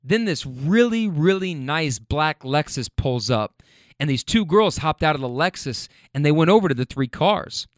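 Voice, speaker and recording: Casually storytelling from inside a car on his way home, a man recounts wild moments from his serving job at a restaurant. He's animated, blunt and profane, laughing at his stories, in a voice on the high side at a moderate pace. It's studio quality with no echo.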